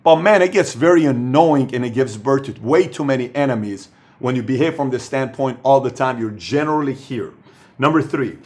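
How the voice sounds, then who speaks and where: Man, motivational business talk, emphatic, repetitive, softer in stories. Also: medium pitch, expressive, moderate pace. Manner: emphatic, repeats phrases for stress. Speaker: host giving business advice.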